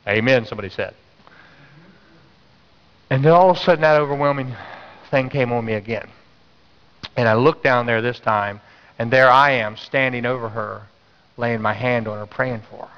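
Preacher, reverberant church sound. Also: male voice, fairly quick, highs cut off. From North Carolina. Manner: animated, acts out his own inner voice with sudden high jumps. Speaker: pastor. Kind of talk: sermon storytelling. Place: church sanctuary.

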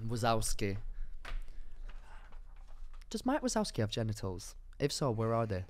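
A young man co-hosting a podcast in casual comedic chat, teasing and cheeky, with bursts of loud exaggeration. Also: lowish voice, sing-song, measured pace. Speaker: podcast co-host.

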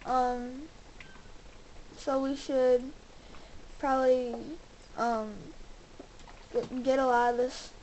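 A young woman hosting a gaming channel, giving casual commentary as she plays and talking excitedly to her viewers. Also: sits high, very slow, pauses often, a little hiss or hum, poor audio. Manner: excitable, exclaims and talks to viewers.

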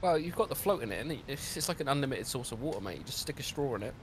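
A man in crude, rambling gaming banter, dropping mate into nearly every line. He talks quickly in an ordinary mid-pitched voice. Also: very animated, a little hiss or hum. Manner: crude, rambling storyteller, says mate a lot. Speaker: game streamer.

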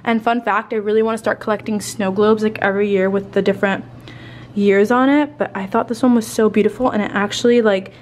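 A woman's voice: medium pitch, fairly even intonation, brisk, darkish tone, a little hiss or hum. A woman in her twenties gushing about her holiday decorating while showing her home, a bit out of breath and swearing casually. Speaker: lifestyle vlogger. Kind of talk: casual home tour chat.

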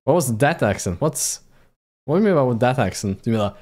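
A man's voice: medium pitch, lively intonation, fairly quick, darkish tone. A man casually commenting on a visual novel as he plays, joking around and swearing freely. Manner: swears freely and jokes around, reacting to the game. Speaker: streamer playing a visual novel. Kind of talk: casual let's-play commentary and reading game lines aloud.

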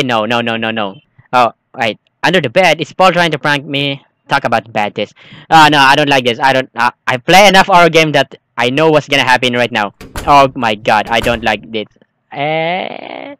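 Jumpy bright-voiced man playing a game. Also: mid-range voice, expressive, normal speed, long pauses, smooth, dry recording. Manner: jumpy, exclaiming, nervous chatter. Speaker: gaming streamer. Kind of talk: let's play commentary, reading game text aloud.

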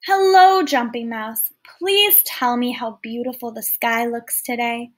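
A woman voicing a sad, gentle blind bison in a read-aloud folktale, speaking slowly and kindly. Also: on the high side. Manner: slow, gentle storybook voice.

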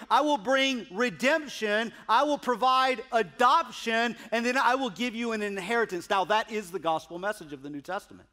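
A man preaching a sermon as pastor, emphatic, swinging from loud declarations to hushed asides. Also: extremely high pitch.

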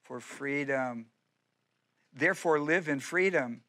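A man's voice: medium pitch, takes it slowly, bright, forceful tone. A middle-aged male pastor preaching a conversational Bible-study sermon, often restarting phrases and asking rhetorical questions.

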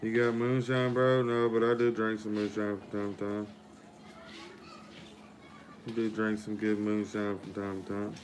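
Livestream host, male, deep-ish and even, runs through viewer thank-yous in a steady drone. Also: a little slow, long pauses, a little hiss or hum. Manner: repetitive shout-outs and thanks to viewers. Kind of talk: casual live-stream chat.

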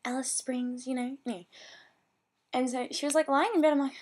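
Aussie teen girl rambling in her vlog, bit high voice, gaspy and giggly. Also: moderate pace, pauses often. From Australia. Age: teens. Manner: chatty and bubbly, gasps and laughs often. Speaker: vlogger. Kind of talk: casual chat.

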